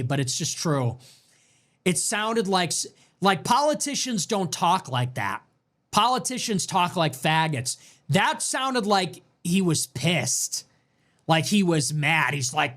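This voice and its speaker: A man giving an emphatic, animated political monologue, full of "like" fillers and restarts. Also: sits high. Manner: animated, emphatic, swings between excited and somber. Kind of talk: casual monologue.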